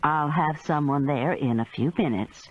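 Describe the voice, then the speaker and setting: A woman's voice: low voice, normal speed, highs cut off, voice pushed down. A woman voicing a businesslike female emergency operator, speaking matter-of-factly. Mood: reassuring.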